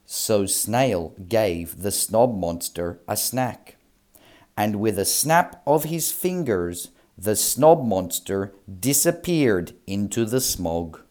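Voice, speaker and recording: Man reading a children's book aloud, very slow, lively sing-song pitch.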